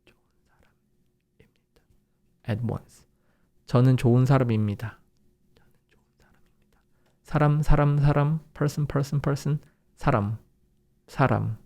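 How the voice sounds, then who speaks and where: A young Korean man teaching his native language in English with a Korean accent, drilling phrases at fast speed and insisting on serious practice. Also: mid-range voice, gravelly, a little mellow. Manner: drills phrases in rapid repetitions, earnest and insistent. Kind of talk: online language lesson.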